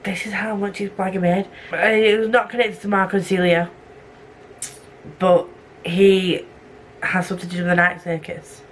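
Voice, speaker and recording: A young woman chats on her book vlog, rambling from one tangent to the next and poking fun at herself. Her voice sits at a middling pitch and is picked up on a camera mic, with faint noise behind it. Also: little pitch movement, normal speed, long pauses. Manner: rambling, self-mocking, goes off on tangents. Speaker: book vlogger. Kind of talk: casual vlog chat. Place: home room at night.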